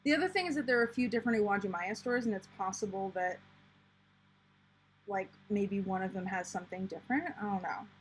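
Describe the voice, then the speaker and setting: A woman's voice: mid-range voice, a little fast, a little hiss or hum, low-quality recording. An American woman hosting a casual live chat, reading out viewer comments and rambling with lots of fillers. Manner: chatty, rambling, many fillers and restarts. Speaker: planner channel host.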